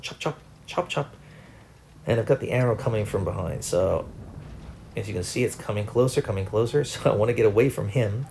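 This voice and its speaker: A man's voice: on the low side, gravelly, dark tone, slight background noise. A young man, host of a gaming channel, giving chatty, self-mocking commentary over his own gameplay.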